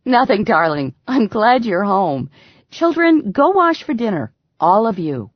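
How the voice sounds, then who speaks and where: A man voicing a soft, placating mother in an audiobook. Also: high voice, sing-song, measured pace, no echo, heavily acted. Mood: gentle. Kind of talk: audiobook character voice. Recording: slightly dull, dry recording.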